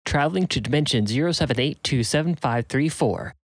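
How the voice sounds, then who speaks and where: A man voicing a calm automated phone voice that announces travel and reads an ad. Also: medium pitch, fairly quick, dry recording, voice pushed up. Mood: calm announcing. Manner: announcing, ad-like delivery.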